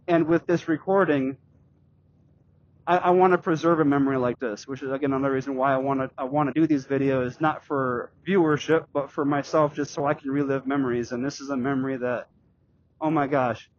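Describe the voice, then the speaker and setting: A middle-aged man vlogging while riding a bike, telling a personal story in a halting, rambling way with many restarts and fillers. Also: a little high, no room sound, highs cut off. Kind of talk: casual storytelling vlog. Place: outdoors on a bike.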